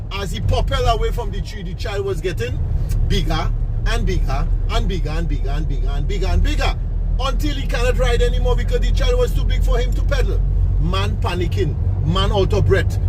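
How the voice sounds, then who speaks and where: A man with a Trinidadian accent guiding a tour outdoors, telling folk stories in a playful, teasing, dialect-heavy way. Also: high-pitched. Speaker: tour guide. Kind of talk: storytelling on a guided tour. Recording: outdoor street noise.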